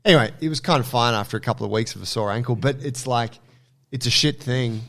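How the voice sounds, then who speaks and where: Male co-host, mid-pitched, easygoing, rambling delivery. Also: fast talker, a bit bright. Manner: loose and rambling, full of "like" and restarts. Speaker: podcast co-host. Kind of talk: casual podcast chat.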